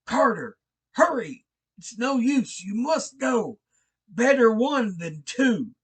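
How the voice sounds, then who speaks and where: A man voicing a terrified young man trapped in a crypt, yelling up in a high, strained voice. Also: big pitch swings, takes it slowly, husky, exaggerated voice, poor audio. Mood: frantic, pleading.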